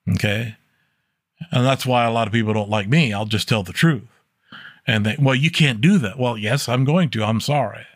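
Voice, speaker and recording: A man teaching an informal Bible study, reading scripture aloud and explaining it plainly, often checking in with a quick "okay?". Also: on the low side, no echo, clean studio sound. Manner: plainspoken, repeats "okay?" to check listeners follow; reads scripture aloud with rising emphasis.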